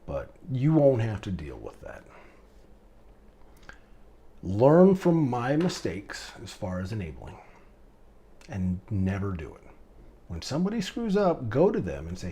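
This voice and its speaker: Emotional fatherly man, low lively voice. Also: unhurried, long pauses. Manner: rambling, emotional, fatherly advice. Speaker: father talking to his daughters. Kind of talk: heartfelt vlog monologue to camera.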